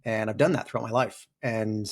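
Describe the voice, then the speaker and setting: A man's voice: lowish voice, fairly quick, husky. Reflective middle-aged man, storytelling guest. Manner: animated storytelling with playful acted-out quotes. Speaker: podcast guest. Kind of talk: reflective interview talk.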